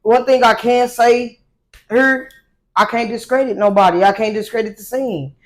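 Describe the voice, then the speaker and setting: A woman's voice: fairly high pitch, moderate pace. A woman from St. Louis, a guest emcee, chatting casually on a podcast, brash and laughing, tipsy from drinks.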